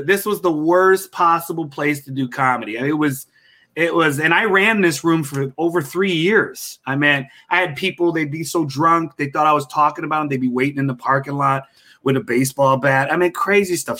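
A man, a comedian guest, telling stories from his career with lots of laughing in a podcast interview. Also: fairly high pitch. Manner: animated, laughing storyteller.

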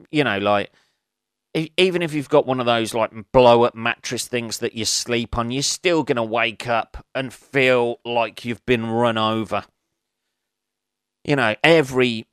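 A podcast host in his forties rambles through a solo monologue full of swearing and ranting. His medium-pitched voice is a bit bright with a clean tone, recorded at studio quality with no echo.

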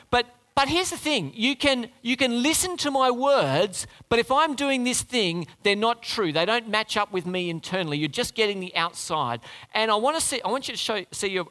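A man preaching with a high, lively voice that swings freely up and down. His tone is bright and forceful. The long reverb of a church hall trails behind his words. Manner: animated, conversational preaching with audience questions. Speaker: pastor. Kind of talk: sermon.

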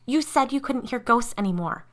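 A woman's voice: medium pitch, normal speed, lightly acted. A woman voicing a brash teenage girl who blurts, hisses and swears when scared. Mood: freaked out. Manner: blurts and hisses, loud outbursts.

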